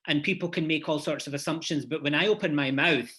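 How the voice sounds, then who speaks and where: Scottish man, panelist, fairly high bright voice, earnest, stop-start delivery. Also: quick pace. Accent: Scottish, Glasgow. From Scotland. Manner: earnest, many repeated restarts. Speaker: panelist, head of university department. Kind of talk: conference panel discussion.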